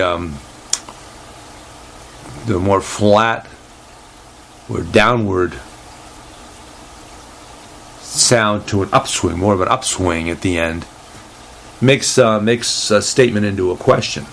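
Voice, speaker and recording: A man hosting a casual solo talk show, reading aloud haltingly with lots of fillers and restarts, and a dry, deadpan humor. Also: lowish voice, creaky, a little hiss or hum. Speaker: host.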